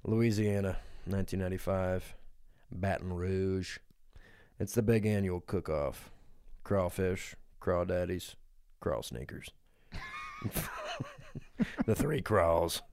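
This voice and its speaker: Low gravelly dude riffing crude silly bits on a podcast, laughs constantly, dry sound. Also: male voice, steady tone, unhurried, darkish tone, no room sound. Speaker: podcast co-host. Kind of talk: casual comedic improv chat.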